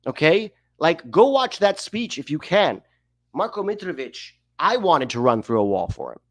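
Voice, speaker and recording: This soccer livestream host has a voice on the high side with big pitch swings, speaking at normal speed on a dry recording. His sports commentary is emphatic and opinionated, often sprinkled with rhetorical questions.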